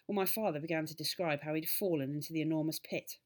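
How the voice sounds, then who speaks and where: A woman reading a children's story aloud with expressive, lively storytelling. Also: deep voice, fast. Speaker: narrator.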